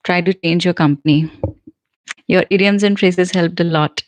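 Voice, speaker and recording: A woman's voice: on the low side, steady tone, moderate pace, dry recording, low-quality recording. A woman with an Indian English accent, a native Hindi and Punjabi speaker, hosting a casual live stream as a spoken English teacher. She reads viewer comments aloud and answers them in an encouraging, chatty way, with lots of fillers and restarts.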